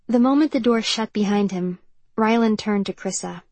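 A woman narrating an audiobook novel in an even, measured storytelling manner. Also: medium pitch, dry recording. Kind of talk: scripted narration.

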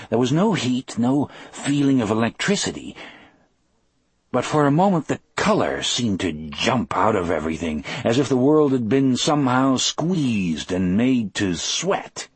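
Husky, lively male audiobook narrator. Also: medium pitch, no echo. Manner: expressive, measured storytelling. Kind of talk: first-person audiobook narration.

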